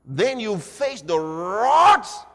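A man preaching a sermon dramatically, swinging from shouts to quiet and acting out scenes. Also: high voice, sing-song, very slow. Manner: dramatic, shouting at peaks then dropping quiet, acts out scenes. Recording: echoey hall.

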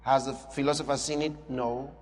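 A man preaching a sermon as pastor, emphatic and drawn-out, rising now and then into a shout. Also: medium pitch, flat delivery, soft background music. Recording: long hall reverb.

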